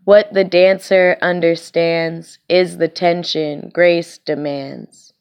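A woman poet performing spoken-word poetry with a measured, rhythmic, deliberate delivery. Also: fairly low pitch, little pitch movement, a little mellow, clean tone, highs cut off.

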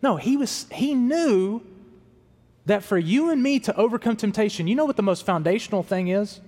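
Young male pastor, fairly high voice, casual preaching style, live church-hall reverb. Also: lively intonation, normal speed, a little mellow. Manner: conversational preaching, acts out quoted self-talk. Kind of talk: sermon.

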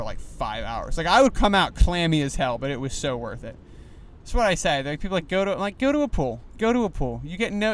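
Rambling young man talking in his car. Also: on the high side. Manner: rambling, animated, lots of fillers. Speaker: podcast host. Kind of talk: solo podcast rant while driving. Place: inside a car.

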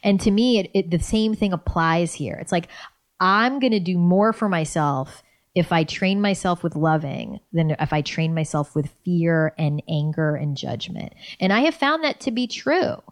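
A woman's voice: fairly low pitch, expressive, normal speed. A middle-aged woman, a life coach, talking casually and animatedly as an interview guest and laughing easily.

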